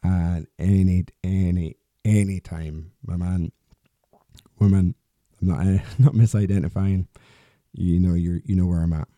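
A man's voice: low voice, steady tone, unhurried, dark tone, no room sound. A man hosting a solo podcast, talking in a rambling, candid way with restarts and the odd swear word. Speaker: podcast host.

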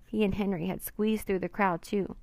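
A woman reading a children's adventure book aloud in an expressive storytelling manner. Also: medium pitch, moderate pace, no room sound.

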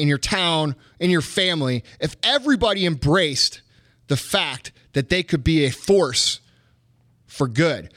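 A man's voice: fairly high pitch, fairly bright tone, no echo, clean studio sound. Fired-up profane male podcast host. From United States. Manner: profane, emphatic, punchy repetition. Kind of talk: fired-up motivational rant.

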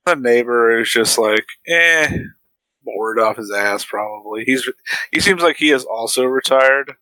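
A man's voice: mid-range voice, measured pace, sharp tone, no room sound, rough recording. A man co-hosting a podcast, chatting casually with blunt, sardonic remarks. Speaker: podcast co-host. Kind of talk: casual chat.

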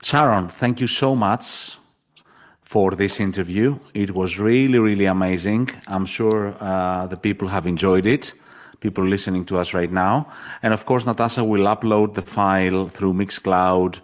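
A man hosting a radio interview, friendly and effusive in his thanks. His voice sits fairly low. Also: moderate pace. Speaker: radio host.

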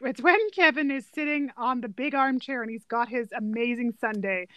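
A woman's voice: a little high, fairly even intonation, normal speed, a bit bright, dry recording. A woman co-hosting a podcast in casual chat, enthusiastic and laughing often. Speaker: podcast co-host.

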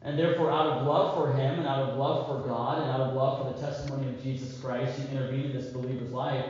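A man's voice: medium pitch, steady tone, fast talker, a little mellow. A male pastor delivers an earnest sermon, circling back with repeated words and frequent "all right"s. His voice rings through a large church with a long, roomy reverb. The recording is dull and lo-fi. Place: church sanctuary.

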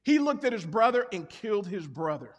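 A man's voice: high voice, big pitch swings, a little fast. A man preaching a sermon as pastor, in a conversational, confessional storytelling manner with self-deprecating humor. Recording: reverberant hall.

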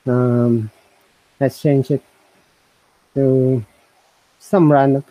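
A man's voice: on the high side, a little slow, no echo, lo-fi sound. A man co-hosting a casual chat, talking in a hesitant, musing way full of fillers and restarts. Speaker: co-host reviewing voice software.

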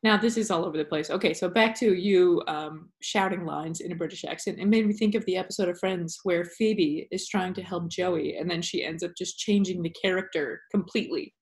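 A woman's voice: lowish voice, a little fast, hardly any pauses. A woman hosting a podcast in casual chat, rambling and laughing as she jumps between stories. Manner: rambling, laughing, self-interrupting. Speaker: podcast host.

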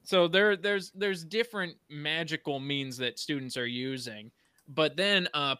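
Bright-voiced joking man. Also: mid-range voice, smooth, no room sound, studio quality. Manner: animated, joking, lots of "you know". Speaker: podcast host. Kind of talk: casual chat.

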